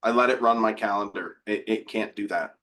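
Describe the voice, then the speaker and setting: Sheepish man with a bright, sharp voice. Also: fairly low pitch, fairly even intonation, a little fast. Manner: sheepish and self-deprecating, hesitant with fillers. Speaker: attendee. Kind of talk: casual chat.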